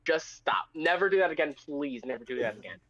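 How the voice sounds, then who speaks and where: Brief: young male co-host, fairly high voice, halting restarts, dull lo-fi recording. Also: lively intonation, a bit bright. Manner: stammering, restarting sentences. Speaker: podcast co-host. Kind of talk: casual chat.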